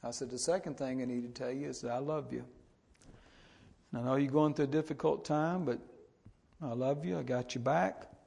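A middle-aged man preaches in a gravelly voice. He tells a story plainly and earnestly, then turns to exhort the congregation. His pitch sits in the ordinary middle range for a man. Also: steady tone, moderate pace, long pauses, darkish tone. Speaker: pastor. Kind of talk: sermon.

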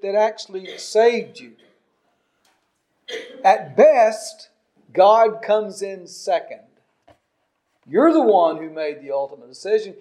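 Emphatic older preacher, a man. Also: high voice. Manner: emphatic preaching, swinging between soft asides and loud stresses. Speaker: pastor. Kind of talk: sermon.

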